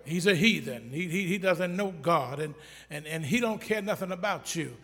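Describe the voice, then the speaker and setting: A man preaching a sermon in a church, blunt and folksy, talking straight to the congregation and building to emphatic shouts. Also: on the high side, lively intonation, moderate pace. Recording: echoey church hall.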